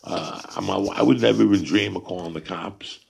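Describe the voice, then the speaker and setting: A man hosting a podcast, telling a story in a casual, profane, animated way. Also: low-pitched, fairly quick, gravelly, husky. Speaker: podcast host.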